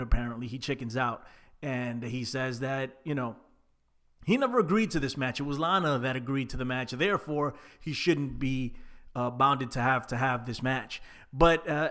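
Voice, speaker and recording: Male wrestling reviewer, mid-pitch, relaxed and chatty, loose filler-heavy delivery. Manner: chatty, laid-back, frequent fillers. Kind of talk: casual solo recap.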